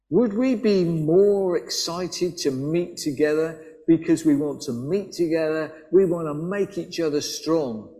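A man's voice: a little high, mellow, in a large hall, low-quality recording. A man delivering a sermon in a conversational preaching style, often asking his listeners rhetorical questions. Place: church.

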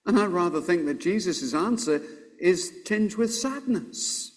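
A middle-aged man preaching a sermon in an earnest, measured way, pausing between phrases. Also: high-pitched, expressive.

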